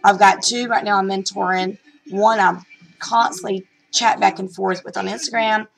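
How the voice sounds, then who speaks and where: A woman's voice: mid-range voice, fairly even intonation, normal speed, creaky, a crowd in the background, low-quality recording. A middle-aged woman vlogging about reselling, telling a story in a rambling, chatty way with lots of fillers and restarts. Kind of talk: casual storytelling vlog.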